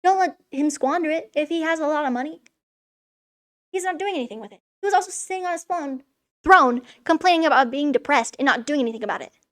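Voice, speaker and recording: A woman's voice: sits high, lively intonation, fast, a bit bright. Irreverent young woman ranting sarcastically. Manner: irreverent, sarcastic, swears freely. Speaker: vlogger. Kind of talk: casual recap commentary. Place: room in a school.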